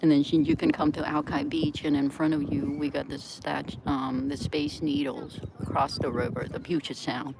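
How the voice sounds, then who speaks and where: A woman's voice: low-pitched, flat delivery, moderate pace, gravelly, hardly any pauses, noisy background. A woman live-streaming from an outdoor seaside plaza, chatting in a rambling way, laughing often and breaking into sudden outbursts.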